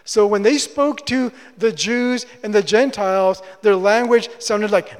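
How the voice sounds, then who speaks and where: Man, preacher, high-pitched voice, sermon with rhetorical questions, long hall reverb. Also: measured pace. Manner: teaching with rhetorical questions and repeated phrases.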